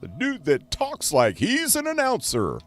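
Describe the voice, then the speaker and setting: Coughing male game streamer; slow, rambling, low voice that swings widely in pitch. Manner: relaxed, rambling talk. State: coughing often. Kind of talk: casual gameplay commentary.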